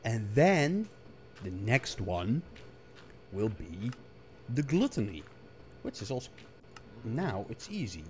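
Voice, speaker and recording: Hoarse man, low voice with lively swings, slow-talking gameplay streamer, mutters and grumbles. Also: slight background noise. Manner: muttering to himself, frustrated outbursts. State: hoarse, coughing. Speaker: gaming streamer. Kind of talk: casual gameplay commentary.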